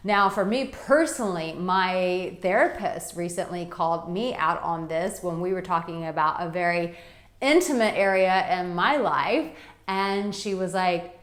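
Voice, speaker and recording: A woman's voice: lowish voice, moderate pace, reverberant. A woman who is a relationship coach, giving blunt, frank advice to camera in a casual vlog and swearing freely.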